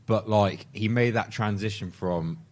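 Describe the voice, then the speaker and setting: A man with a low voice chats about football in a relaxed manner. He often turns to the others with questions. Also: a little slow. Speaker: panelist. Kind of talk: casual football chat.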